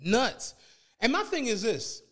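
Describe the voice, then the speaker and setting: This man speaks at an extremely high pitch and a slow pace. He co-hosts a podcast and tells a story in casual chat, an animated storyteller who acts out the quotes.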